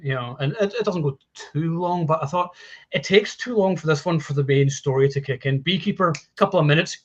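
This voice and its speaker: A man's voice: a little high, brisk. A man hosting a casual movie chat on a live stream, rambling and swearing with lots of restarts. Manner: profane, rambling with restarts and laughs. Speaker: podcast host. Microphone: home mic on a video call stream. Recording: dull lo-fi stream audio.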